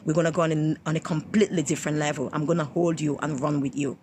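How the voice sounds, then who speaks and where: A woman's voice: low-pitched, fairly even intonation, fast, a little mellow, slight background noise. A middle-aged woman, an author and motivational speaker, talking effusively and emphatically, often repeating her phrases. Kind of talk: motivational livestream talk.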